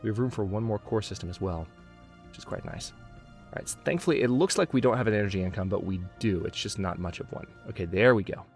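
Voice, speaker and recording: A man's voice: fairly low pitch, animated, fast, soft background music. A man hosting a gameplay video, commenting as he plays and growing exasperated, talking to himself. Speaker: let's play host.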